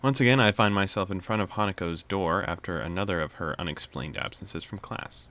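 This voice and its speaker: A man's voice: low-pitched, fairly quick, a bit bright. A man hosting a let's play, casually reading a visual novel's narration aloud with amused asides.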